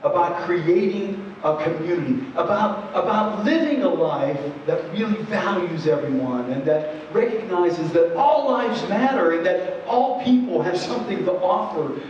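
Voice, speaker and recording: Male presenter, higher voice, earnest conversational storyteller; dull, distant recording in a large hall. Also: animated, a little slow, darkish tone, a little hiss or hum. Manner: earnest, many asides and "you know"s.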